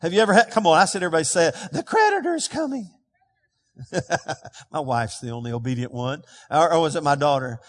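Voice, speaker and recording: A man's voice: on the high side, animated, racing, hardly any pauses. A man preaching a sermon as pastor, emphatic and calling on the congregation to respond. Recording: long reverb of a large hall.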